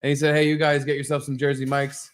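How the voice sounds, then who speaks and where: Deadpan teasing man podcast host. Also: mid-range voice, fast talker. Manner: mock-mean teasing, deadpan. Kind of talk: comedic podcast banter. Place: bar.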